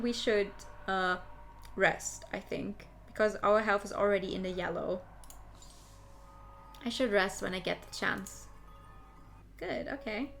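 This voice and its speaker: A woman's voice: mid-range voice, fairly quick, fairly bright tone, a little hiss or hum. A young woman streamer playing a story game, reading its text aloud and chatting about it between lines.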